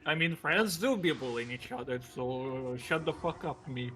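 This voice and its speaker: A man's voice: mid-range voice, normal speed. A man co-commentating a speedrun in casual chat, whiny and laughing, swearing often.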